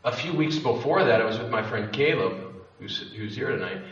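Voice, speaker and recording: Telling a personal story to an audience in an event room, this young man speaks in an animated, moderately paced way with a mid-range, slightly bright voice. He rambles candidly, swears freely and keeps cutting himself off, captured in a roomy, distant, dull lo-fi room recording with faint noise.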